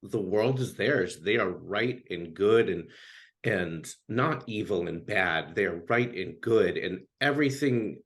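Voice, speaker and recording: A man who coaches queer youth, talking earnestly as an interview guest, halting and restarting often. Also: deep voice, a bit bright.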